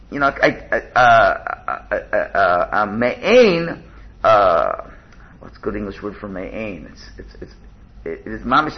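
A man's voice: on the high side, dull audio. A man teaching a religious text in a study lesson, often restarting and repeating words as he glosses Hebrew terms in English.

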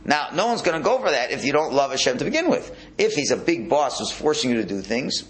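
Male religious teacher, gravelly, very expressive pitch, repeats himself while explaining. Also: fast, hardly any pauses, slight background noise. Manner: animated, repeats words, restarts phrases. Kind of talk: Hasidic Torah class.

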